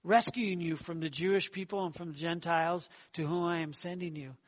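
A middle-aged man preaches a sermon in a high-pitched voice. His delivery is conversational and loose, with fillers and restarted phrases, and it swells into louder emphasis at key points. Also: fairly even intonation, a little fast. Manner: conversational, fillers and repeated words, rising emphasis.

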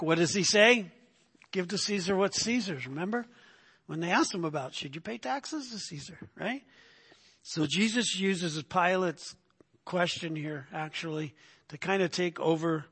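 A man's voice: high-pitched, a bit bright, husky, long reverb tail. A man preaching an expository sermon in a conversational way, often checking in with his listeners by asking "right?". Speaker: pastor.

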